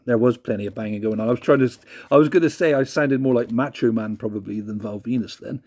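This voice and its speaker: A man's voice: mid-range voice, quick pace, few pauses, a little mellow. A man casually rambling through a CD review, self-deprecating and apologetic. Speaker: vlogger reviewing a CD.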